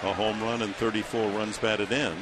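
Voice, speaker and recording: A man calling a baseball game play-by-play in a steady, informative way, a little hoarse. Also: lowish voice, normal speed. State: slightly hoarse. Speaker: play-by-play announcer. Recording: broadcast booth over loud stadium crowd. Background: loud stadium crowd noise.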